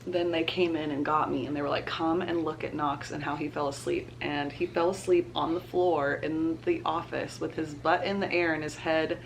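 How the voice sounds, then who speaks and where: Young woman, casual vlogger, lowish voice, light hiss behind. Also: steady tone, moderate pace, creaky, few pauses. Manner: chatty, says "y'all", laughs often. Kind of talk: casual chat to camera.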